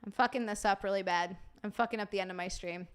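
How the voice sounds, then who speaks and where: A woman's voice: mid-range voice, steady tone, quick pace, clean tone. A woman hosting a casual livestream, reading chat aloud, swearing and laughing often. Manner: profane, laughing, reacting to chat.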